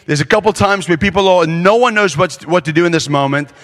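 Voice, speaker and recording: Animated preacher in a reverberant hall. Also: male voice, sits high, a little fast. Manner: animated storyteller acting out quotes. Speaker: pastor. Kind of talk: sermon storytelling. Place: large conference hall.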